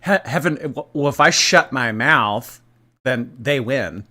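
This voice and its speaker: A man's voice: medium pitch, a little slow. A man chatting casually on a live stream, teasing and sarcastic. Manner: sarcastic, teasing, lively intonation. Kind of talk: casual livestream chat.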